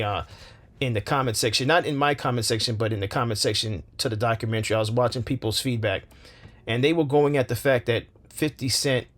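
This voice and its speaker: A man hosting a commentary channel, speaking with passion, firing rhetorical questions and repeating phrases for emphasis. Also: medium pitch. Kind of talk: opinion commentary monologue.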